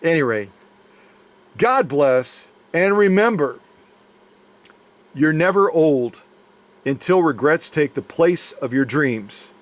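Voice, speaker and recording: A man's voice: a little high, expressive, slow pace, pauses often. A man hosting a sewing machine restoration channel, chatting casually in his workshop with playful, rambling, jokey asides. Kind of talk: casual unboxing chat to camera. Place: home workshop.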